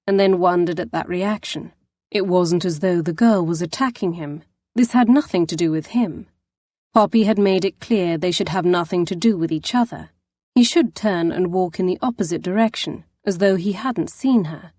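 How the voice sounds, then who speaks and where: A woman narrating an audiobook in a measured storytelling manner. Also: on the low side, a little mellow, dry recording. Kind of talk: scripted narration.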